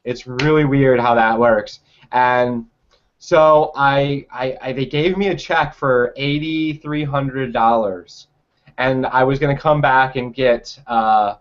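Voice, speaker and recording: A man's voice: mid-range voice, steady tone, measured pace, dull audio. A young man telling a personal story in a casual, rambling way, full of fillers and restarts.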